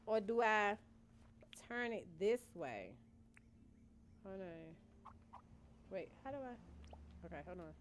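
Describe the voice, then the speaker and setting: A young woman plays a game on a live stream, chatting casually and thinking out loud to "y'all" in chat. Her mid-range voice is expressive and slow, with frequent pauses; there's slight background noise along with faint game music.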